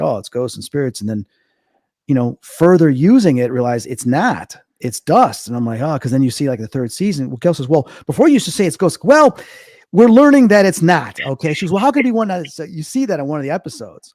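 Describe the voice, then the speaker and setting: Guesting in a casual interview, a man in his fifties from Chicago, a medium and paranormal investigator, tells stories rapidly, acting out dialogue with big pitch jumps. He sounds husky, and the clean studio recording has no room sound.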